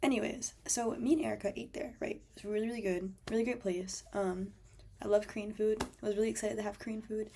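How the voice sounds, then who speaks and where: A woman's voice: mid-range voice, steady tone, fast, mellow, slight background noise. A young woman telling a travel story as a voice-over, chatty and full of fillers. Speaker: travel vlogger.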